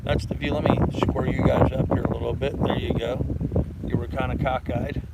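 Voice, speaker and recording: An older man hosting a relaxed livestream from his sailboat in a harbor, rambling easily and reading viewer comments aloud. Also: mid-range voice, moderate pace, vocal fry, very noisy. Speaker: vlog host. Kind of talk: casual livestream chat.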